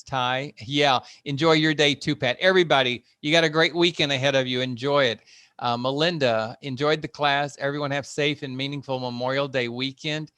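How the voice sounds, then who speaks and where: A man's voice: mid-range voice, bright, forceful tone, clean tone, no echo, studio quality. An older man, a fitness instructor, wrapping up an online class in a chatty, encouraging way with plenty of fillers over a video call. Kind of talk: online class wrap-up talk.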